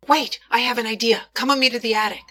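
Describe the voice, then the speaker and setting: A woman's voice: a little high, fairly even intonation, fast, sharp tone. A woman voicing the prim ghost of a colonial-era young woman, scolding about good manners. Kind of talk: comedic audio drama acting.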